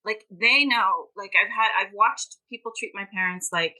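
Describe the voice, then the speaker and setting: A woman's voice: on the low side, steady tone, normal speed, bright, forceful tone, poor audio. A woman, a guest author and language teacher, talking emphatically and at length in a podcast interview. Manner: passionate, emphatic and talkative.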